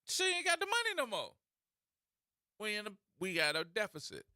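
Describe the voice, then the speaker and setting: A man hosting a talk radio show, ranting in a mocking, animated way and slipping into imitation voices. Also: high-pitched, moderate pace, no echo, clean studio sound. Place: radio studio.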